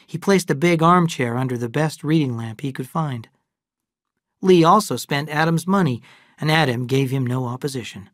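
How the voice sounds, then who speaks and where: A narrator reading a classic novel aloud in slow, clear, evenly paced English for learners. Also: medium pitch, no room sound, clean studio sound.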